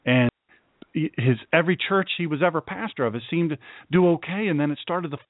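A man's voice: fairly high pitch, a little fast, no room sound. A man hosts a radio show, talking in an earnest, folksy and preachy way and hammering his points with repeated phrases. His voice comes through a thin, phone-like line with no room sound around it. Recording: dry, tinny phone-like sound.

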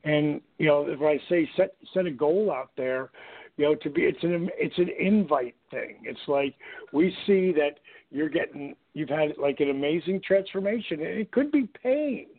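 A middle-aged male host talks in a casual, motivational way, slipping into little acted-out quotes as he tells stories. His voice sits a bit high for a man. It comes through a narrow, tinny phone-line sound. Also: moderate pace. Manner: animated storyteller, acts out quotes, many fillers. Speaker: radio show host.

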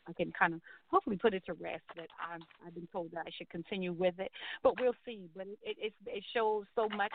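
A woman telling her life story as an interview guest, animatedly acting out the voices of people she quotes. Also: medium pitch. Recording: tinny phone-like call audio.

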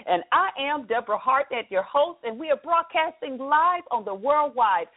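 A woman's voice: sits high, expressive, moderate pace. Upbeat woman radio host on a phone line. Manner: upbeat, chatty, promotional. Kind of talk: casual radio talk show monologue. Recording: tinny phone-line broadcast.

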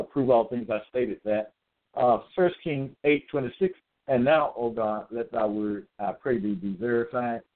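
A man preaching alone, reading scripture aloud and remarking on each verse. He repeats phrases and keeps asking "okay?". His voice comes through thin and tinny, as if over a phone line. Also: medium pitch. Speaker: self-styled preacher. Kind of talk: solo religious monologue reading scripture.

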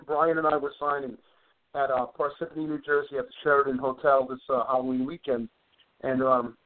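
A man's voice: medium pitch, brisk. Middle-aged man telling stories by phone. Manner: animated anecdote teller, repeats words as he talks. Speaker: guest wrestler. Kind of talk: casual storytelling on a phone call. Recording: tinny phone line.

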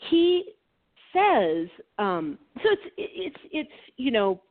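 A woman co-hosting a reflective conversation, earnest and animated, laughing often as she talks. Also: sits high, slow. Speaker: co-host. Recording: tinny phone-like line.

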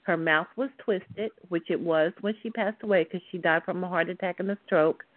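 Radio co-host, woman, earnest and steady, lowish voice, dry phone-band sound. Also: moderate pace, no echo, phone-quality sound. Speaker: radio talk show co-host. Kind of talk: casual radio talk, personal storytelling.

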